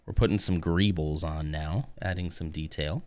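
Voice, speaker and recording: A man with a low voice talks casually on a live stream while he builds a model kit. He rambles and mutters to himself between stories. The sound is dry and close, with no room around it. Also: fairly even intonation, normal speed, a little mellow, no room sound.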